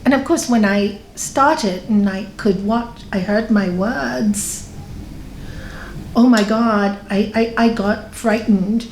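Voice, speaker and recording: A woman teaching a meditation class, lively and laughing often as she quizzes her students. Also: mid-range voice, slow, slight background noise. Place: yoga centre room. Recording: echoey room with faint ambience.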